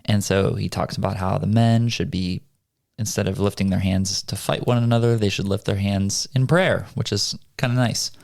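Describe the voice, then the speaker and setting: A man hosting a casual church podcast, thinking aloud and pausing with fillers as he explains a Bible passage. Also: fairly low pitch, steady tone, vocal fry, a little mellow, no echo, studio quality. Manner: thoughtful, halting with fillers. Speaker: podcast host. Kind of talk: casual Bible study chat.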